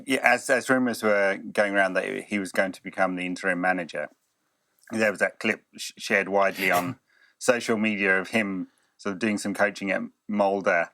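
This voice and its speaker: A man's voice: deep voice, fairly even intonation, moderate pace, pushed and bright, dry recording. A man co-hosting a football podcast who talks hesitantly, stammers often and laughs a lot. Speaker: podcast co-host. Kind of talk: casual football chat.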